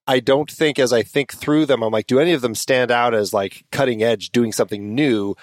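A man's voice: medium pitch, a little fast, no echo, studio quality. A man hosting a casual film discussion podcast, thinking aloud with frequent restarts. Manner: thoughtful, rambling with restarts. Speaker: podcast host.

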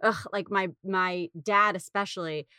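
A woman's voice: mid-range voice, fairly even intonation, measured pace, pushed and bright, clear, resonant tone, no room sound, clean studio sound. A woman from Boston co-hosting a podcast, talking casually with lots of fillers and restarts. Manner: rambling, many fillers and restarts. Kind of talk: casual chat.

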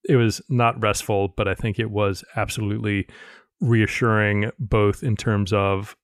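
A man co-hosting a political podcast, speaking in a measured way with dry sarcasm. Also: fairly low pitch, level tone, no room sound. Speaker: podcast co-host. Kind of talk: casual political podcast chat.

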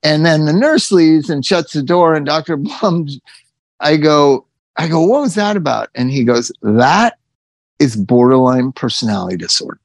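A man telling stories in casual chat, animated and swearing, acting out what people said. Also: a little high, normal speed, no echo. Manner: animated, swearing, acts out quotes.

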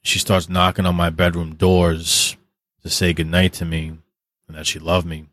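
A man's voice: sits low, flat delivery, moderate pace, a bit bright, dry recording, clean studio sound. A man as a podcast guest, telling candid stories in a blunt, heavily profane, vivid way. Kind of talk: candid interview storytelling.

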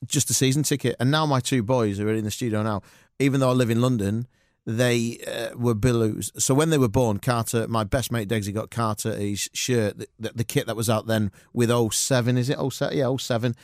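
A man's voice: mid-range voice, fairly even intonation, brisk, no echo, clean studio sound. A man born in Spain, a guest telling stories in a casual chat.

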